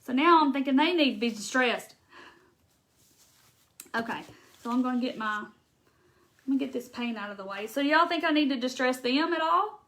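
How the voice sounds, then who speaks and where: A woman's voice: high voice, animated, normal speed, pauses often, fairly bright tone. A woman with a Southern accent, hosting a casual live crafting chat, talking her way through each step and laughing often. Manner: chatty, folksy, laughs often, thinks aloud. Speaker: craft livestream host.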